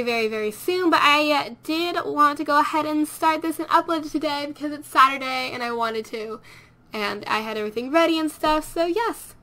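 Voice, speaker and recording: High, bright-voiced chatty woman gamer. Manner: chatty, rambling, self-correcting. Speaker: let's play host. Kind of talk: casual gameplay commentary.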